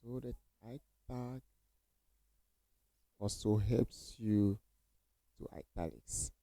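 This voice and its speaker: A man's voice: fairly low pitch, slow, mellow, no echo, poor audio. A man teaching coding basics in a casual screen-share tutorial, repeating phrases and reassuring viewers with many okays.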